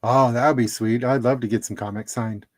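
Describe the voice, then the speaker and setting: A man's voice: medium pitch, fairly even intonation, brisk. A middle-aged man hosting a casual livestream, chatting and laughing at his own jokes while opening trading cards.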